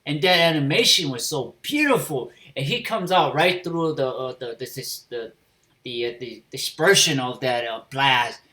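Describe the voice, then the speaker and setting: In a casual spoken review of an anime episode, a man swears freely and fills his pauses with fillers and restarts. His voice is medium in pitch with a sharp tone.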